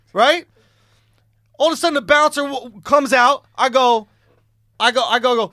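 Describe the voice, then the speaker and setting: A man in his thirties, a podcast co-host, telling a comic story in an animated, slangy way and acting out the quotes. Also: very high voice, fairly quick. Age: 30s.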